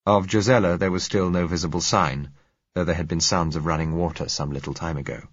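A man narrates a first-person story in a very deep, husky voice. His reading is measured and somber. The recording is dry and a little dull. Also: fairly even intonation, dry recording. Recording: dry, slightly dull audio.

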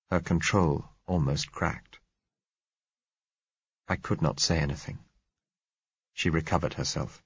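A young man reading a story aloud in a measured, grave audiobook narration. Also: low voice, steady tone, fairly bright tone, husky, no echo. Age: young adult. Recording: dull lo-fi dry recording.

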